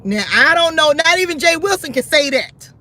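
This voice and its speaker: A woman with a strikingly high voice that has a bright, forceful edge. She hosts her own commentary vlog and talks in a blunt, sassy, scolding way, addressing people one by one. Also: lively intonation, moderate pace. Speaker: YouTube channel host.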